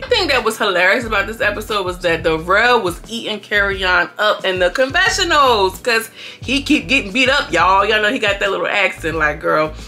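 A woman with a bright, forward voice talks through a reality show recap in a loose, slangy way, addressing her viewers directly. She keeps slipping into quick impressions of the cast. Soft music plays faintly underneath. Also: medium pitch. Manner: slangy, chatty, acts out quotes. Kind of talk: casual recap commentary.

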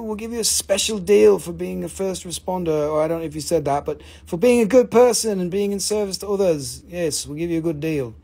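A man hosting a live mineral sale, joking, swearing, and pitching his stones with enthusiasm. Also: fairly quick, vocal fry, few pauses, warm tone. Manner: joking, profane, enthusiastic salesman. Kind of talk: livestream sales chat.

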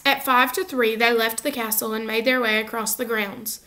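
A woman narrating a children's novel aloud in an expressive, lively reading style. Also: a little high, normal speed. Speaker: audiobook reader. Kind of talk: storybook narration.

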